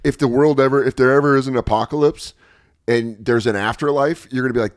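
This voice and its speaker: A man hosting a podcast in casual chat, animated as he tells stories and acts out little bits. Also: mid-range voice, fast, no room sound, clean studio sound. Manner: animated storytelling, acts out bits with sudden yelps. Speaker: podcast host.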